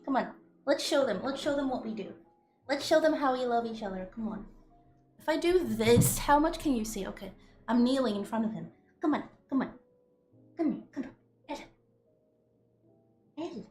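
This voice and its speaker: High-voiced young woman, casual streamer at home, giggly and gushing with her pets, faint music under. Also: expressive, normal speed, long pauses, a little mellow. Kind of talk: casual live-stream chat with her cats.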